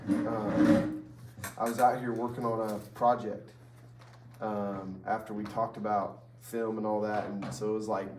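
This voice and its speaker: A low-voiced man casually tells a spooky tale, rambling with ums and restarts and chuckling at himself. He sits back from the mic in a roomy, echoing space with a faint hiss behind him. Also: darkish tone, distant mic. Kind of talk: casual storytelling.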